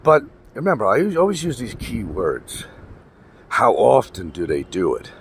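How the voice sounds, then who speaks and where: A man's voice: on the low side, huge pitch swings, normal speed. A man ranting in a casual vlog, blunt and profane, repeating his points for emphasis. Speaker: vlogger. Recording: wind noise and traffic outdoors.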